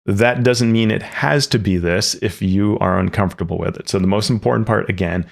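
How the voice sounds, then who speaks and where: Male advice host, deep voice with some vocal fry, chatty and explanatory. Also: fairly quick. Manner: conversational, often adds "right?". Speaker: tabletop game advice host. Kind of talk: casual instructional talk.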